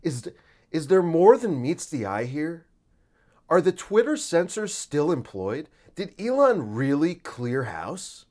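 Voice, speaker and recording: A fake-serious male TV anchor teases stories with a dramatic newsreader cadence, as a man parodies him. The voice sits a little higher than normal speech. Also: sing-song, takes it slowly, warm tone. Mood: mock-serious.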